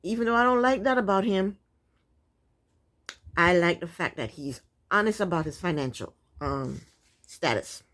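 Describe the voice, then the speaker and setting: Female recap vlogger, chatty and opinionated, lively, expressive delivery. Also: on the low side, moderate pace, long pauses. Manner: blunt, sassy, chatty with frequent asides.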